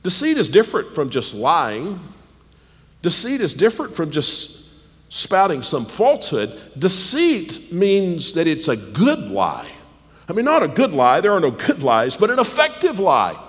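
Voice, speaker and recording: A slightly hoarse man preaching a sermon, rising to high, emphatic stresses and dropping low and quiet. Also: wildly swooping pitch, measured pace. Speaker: pastor. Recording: long hall reverb.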